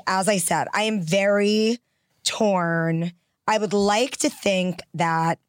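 A woman co-hosting a podcast, giving her opinion with thoughtful, halting restarts. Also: on the low side, no echo. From half English. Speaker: podcast co-host. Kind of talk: casual panel chat.

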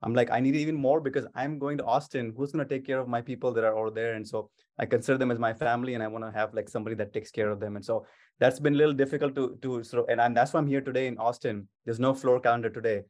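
A man's voice: mid-range voice, fairly even intonation, very fast, darkish tone. A man, a state legislator, answering interview questions over a video call in an upbeat, eager way, with many restarts.

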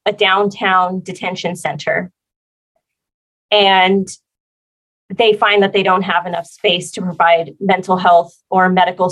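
A woman guest on a podcast interview, explaining her work as a facility planner in a measured way. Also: medium pitch, a bit bright, rough recording.

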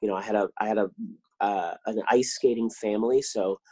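A man talking as a podcast guest, telling animated stories and acting out the lines he quotes. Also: fairly low pitch, brisk, slightly rough. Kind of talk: casual interview chat.

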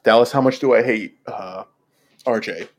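A man's voice: mid-range voice, normal speed, slight background noise. A man hosting a casual basketball fan podcast, joking and mocking himself, slipping into quoted voices. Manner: joking, self-mocking, animated quoting. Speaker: podcast host.

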